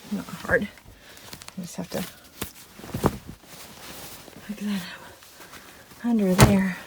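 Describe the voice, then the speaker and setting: A woman's voice: a little high, a little mellow, a little hiss or hum. Breathless woman vlogging in her RV. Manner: chatty and self-mocking, laughing at herself. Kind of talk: casual vlog, talking to camera while doing chores. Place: inside a small RV.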